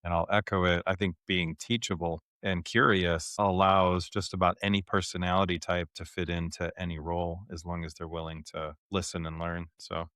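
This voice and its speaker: A man hosting a podcast interview, relaxed and conversational as he asks open questions. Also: low voice, normal speed, few pauses, no echo, studio quality. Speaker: podcast host.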